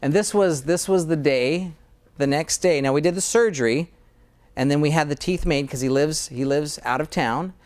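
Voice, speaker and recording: A man's voice: a little high, normal speed, a little mellow. A middle-aged American dentist in a casual interview, earnest and sometimes getting emotional about his work. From United States.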